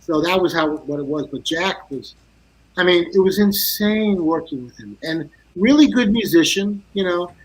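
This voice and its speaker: An older man with a notably high speaking voice tells his stories with energy. He slips into other people's voices as he goes. It's a casual interview chat over a video call. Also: moderate pace, rough recording. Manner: animated anecdotes full of quoted voices. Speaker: guest guitarist.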